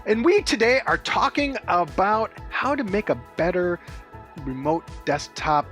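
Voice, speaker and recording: A man's voice: high voice, very animated, measured pace, fairly bright tone, soft background music. A man hosting a tech business interview, talking conversationally with frequent fillers and restarts. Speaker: interview host.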